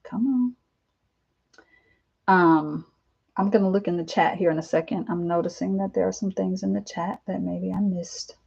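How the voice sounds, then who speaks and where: A woman's voice: fairly low pitch, normal speed, gravelly, long pauses, husky, highs cut off. Candid rambling woman in her fifties. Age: 50s. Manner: rambling and candid, laughing often, with hesitant fillers and lively quoted asides. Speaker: vlogger. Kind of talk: casual live-stream chat. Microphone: live-stream camera mic.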